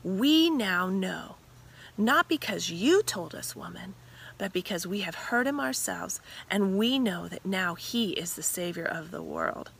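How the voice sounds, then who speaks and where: A woman's voice: mid-range voice, animated, unhurried, creaky, a bit bright, slight background noise, rough recording. A woman voicing friendly emphatic villagers. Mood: welcoming. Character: welcoming crowd of villagers.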